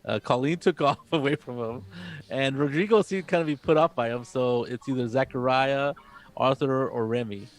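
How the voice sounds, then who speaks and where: A man running a tabletop role-playing game as game master, talking haltingly with many fillers. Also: medium pitch.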